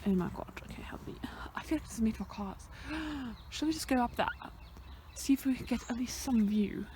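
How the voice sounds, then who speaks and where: A woman vlogging on a hike outdoors, chatting nervously into a handheld camera and swinging between whispers and loud exclamations. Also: fairly high pitch, moderate pace. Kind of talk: casual vlog narration while hiking. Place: outdoors on a hillside near fenced fields.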